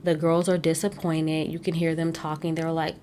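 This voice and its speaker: Sassy low-voiced woman with blunt opinions. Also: flat delivery, mellow, slight background noise. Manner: sassy, blunt and opinionated, with slangy asides and quick laughs. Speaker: podcast host recapping a reality show. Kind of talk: casual chat.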